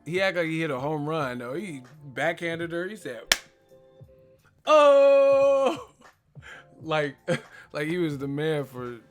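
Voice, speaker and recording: A man chatting casually on a live stream, slangy and profane, his voice sitting at an ordinary pitch. He laughs often and keeps acting out lines from movies. Faint music plays in the background. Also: fairly bright tone. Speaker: host of a live boxing stream.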